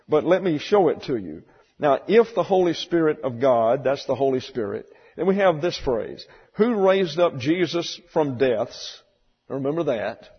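Brief: male Bible teacher, husky voice, deliberate sermon delivery, dull lo-fi recording. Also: fairly high pitch. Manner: methodical, spells out Greek words letter by letter. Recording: dull lo-fi recording with long hall reverb.

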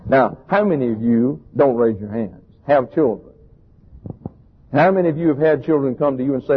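Male pastor, emphatic scornful sermon, husky voice, phone-quality recording. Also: mid-range voice, expressive, fairly quick. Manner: emphatic, scornful preaching with rhetorical questions.

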